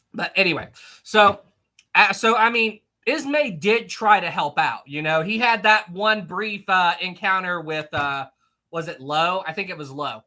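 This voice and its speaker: Bright-voiced young livestream host. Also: medium pitch, lively intonation, a little slow. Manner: rambling, chatty, reading chat messages aloud. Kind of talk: casual livestream chat about history.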